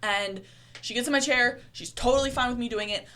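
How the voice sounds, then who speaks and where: Woman, podcast co-host and piercer, animated storyteller who acts out dialogue, faint background noise. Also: a little high, brisk. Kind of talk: casual chat.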